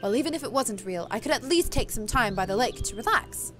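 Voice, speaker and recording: Lady reading as a sweet hopeful young heroine, soft and earnest, bit high. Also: expressive, brisk, faint music behind. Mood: dreamy. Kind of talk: reading a visual novel aloud.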